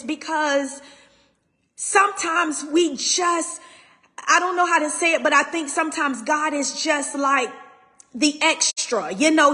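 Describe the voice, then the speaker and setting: High-voiced tearful woman. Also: bright, forceful tone, big-room sound. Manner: raw, tearful, holding back crying. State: near tears. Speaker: podcast host. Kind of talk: emotional faith talk to listeners.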